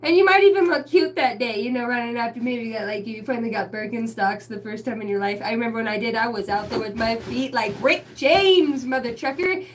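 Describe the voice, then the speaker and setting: This woman's voice is on the high side, with a little hiss or hum in the recording. A vlogger and spiritual reader, she chats casually on camera from a ring-lit basement, swearing, laughing often and tossing quick asides into her stories.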